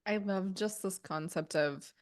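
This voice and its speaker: A woman's voice: mid-range voice, a little slow. An earnest woman talks as a podcast guest in a mid-range voice. She thinks aloud, drifts into side tangents and corrects herself as she goes. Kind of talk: conversational podcast interview.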